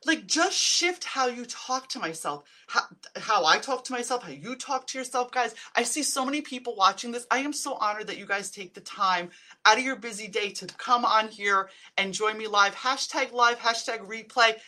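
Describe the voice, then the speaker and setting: A middle-aged woman hosting a wellness livestream chats casually with viewers, offering direct, upbeat tips. Her voice is a little high, pushed, and bright, at a moderate pace.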